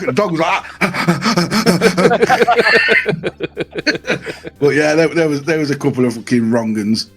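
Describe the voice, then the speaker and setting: Husky-voiced man swearing through a story. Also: on the high side, slow, a bit bright. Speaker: podcast co-host. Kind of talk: casual storytelling chat.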